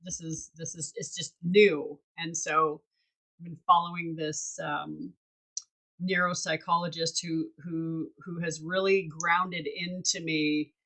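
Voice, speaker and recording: Woman co-host, lowish voice, reflective coaching chat, halting restarts. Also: fairly bright tone, poor audio. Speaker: podcast co-host. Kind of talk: casual chat.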